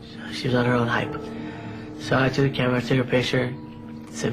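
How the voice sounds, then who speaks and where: A man's voice: medium pitch, monotone, a little fast, music in the background, rough recording. A man telling a personal story in a plainspoken, matter-of-fact way.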